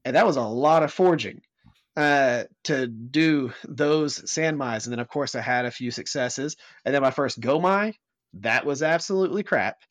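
A man's voice: mid-range voice, moderate pace. A man with a Southern US accent, a guest knife maker in casual chat, chatty and self-deprecating.

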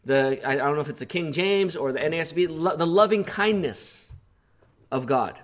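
Earnest preaching man, fairly high voice. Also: lively intonation, moderate pace. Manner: earnest, grows impassioned when voicing the psalmist's pleas. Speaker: pastor. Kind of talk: sermon.

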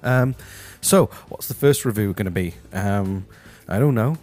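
A man hosting a comedic review from his house, talking deadpan and rambling with lots of ums. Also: on the low side, measured pace. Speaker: host. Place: his house, walking to the kitchen.

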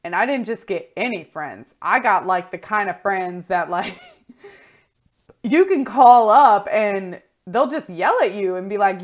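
A woman's voice: mid-range voice, expressive, measured pace. Blunt, frank woman coach talking. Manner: blunt, frank, swears freely. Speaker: life coach. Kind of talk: casual solo talk.

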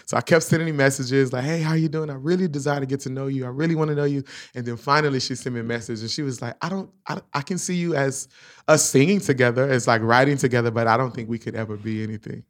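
A man's voice: medium pitch, steady tone, fast. A man casually telling a story about how he met his wife. He acts out the quoted lines and laughs often.

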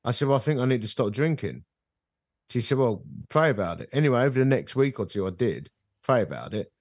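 Here a middle-aged man, a ministry leader guesting on a podcast, spins a personal story in casual talk at a bar, acting out each line of dialogue with animation. His mid-range voice is brisk. The recording is dry and clean, studio-grade.

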